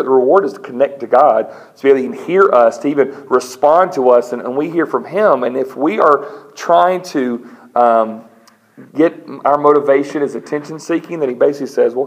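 A pastor with a mid-range voice preaches a little fast on a rough recording. His sermon is conversational and lightly humorous, full of fillers and restarts, and he animates his stories by acting out the voices of the people in them.

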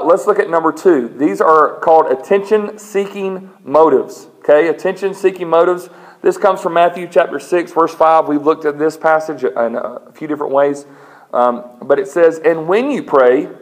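A man with a slightly high voice preaches a sermon in a relaxed, conversational way. He tells stories with gentle humor and sometimes acts out other people's voices, with plenty of casual fillers. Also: rough recording. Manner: conversational, animated storytelling with acted-out voices; frequent fillers and restarts, lightly humorous. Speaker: pastor.

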